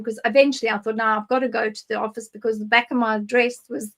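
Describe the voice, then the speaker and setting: South African woman guest, candid rambling storyteller, voice sits a touch high. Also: steady tone, fast talker, hardly any pauses, fairly bright tone. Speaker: guest psychic. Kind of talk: interview, personal testimony.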